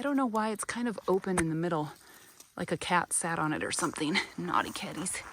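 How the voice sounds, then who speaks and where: A woman's voice: lowish voice, animated, a little fast, noisy background. Chatty woman touring her garden. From American Midwest. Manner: chatty, gushing about flowers, many ums. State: tired after a long drive, a bit out of breath. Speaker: garden vlogger. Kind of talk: casual garden walkthrough. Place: outdoor garden on a summer evening. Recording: faint outdoor ambience with crickets.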